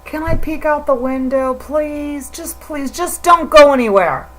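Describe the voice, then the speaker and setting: A woman's voice: high voice, a little slow, soft background music, poor audio. A middle-aged woman talking straight to the camera in an emotional, rambling religious monologue, stammering and repeating herself as she goes. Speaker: vlogger.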